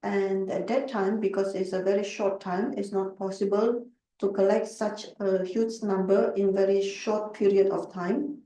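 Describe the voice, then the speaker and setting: A woman's voice: medium pitch, dark tone, echoey room. Distant woman interpreting a Buddhist teaching. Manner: halting, searching for words, with fillers.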